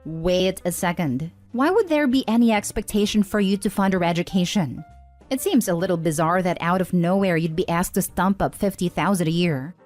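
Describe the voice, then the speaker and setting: A woman narrating online posts and comments aloud in an even, conversational storytime read. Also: fairly low pitch, normal speed. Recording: dry close voice over faint music. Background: faint background music.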